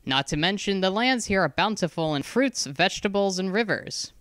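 A narrator voicing a calm, patient male school founder who has travelled the world, in a storybook reading. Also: medium pitch, normal speed, no echo, clean studio sound, pitched above the performer's own voice, close to an everyday voice. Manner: calm, patient, gently insistent.

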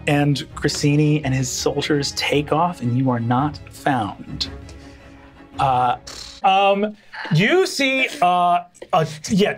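A man's voice: on the high side, fairly bright tone. A man narrating as game master, loose and casual with frequent fillers. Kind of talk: improvised tabletop game narration.

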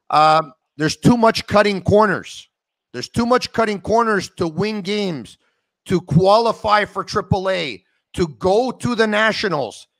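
A man's voice: high-pitched, fairly bright tone, dry recording. A man in his forties hosting a podcast interview, talking through his point in a conversational way. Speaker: podcast host.

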